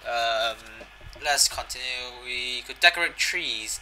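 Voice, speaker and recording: A man's voice: mid-range voice, moderate pace, bright, forceful tone, slight background noise, poor audio. A young man giving a casual, jokey video game walkthrough, swearing and reading the in-game dialogue aloud. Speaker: gaming channel host.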